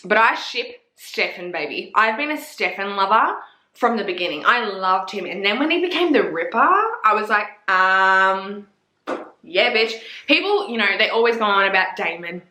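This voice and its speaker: A young woman vlogging in a casual chat, gushing and swearing a lot as she talks excitedly. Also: mid-range voice, normal speed. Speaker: vlogger reviewing TV series. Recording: echoey room.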